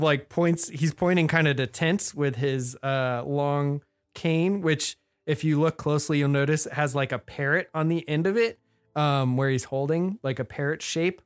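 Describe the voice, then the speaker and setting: A young woman narrating and explaining rules as game master, in a relaxed, filler-heavy way. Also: low-pitched, moderate pace, no echo, clean studio sound.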